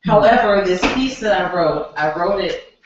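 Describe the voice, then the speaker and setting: A woman's voice: medium pitch, expressive, moderate pace. A woman from the Virgin Islands, a poet, talking a little nervously between pieces at a cafe open mic. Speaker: spoken word poet. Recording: echoey room, distant lo-fi mic, noise.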